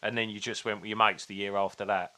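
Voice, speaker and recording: A man's voice: on the low side, little pitch movement, fast talker, sharp tone. A man, co-hosting a casual podcast and trading laid-back, dry, sweary banter. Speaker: podcast co-host. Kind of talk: casual chat over beers.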